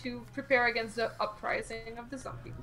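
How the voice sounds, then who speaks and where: A woman's voice: on the high side, little pitch movement, fairly quick, sharp tone, faint music behind, low-quality recording. A woman playing a tabletop game, eager and bubbly as she plays her character. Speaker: player.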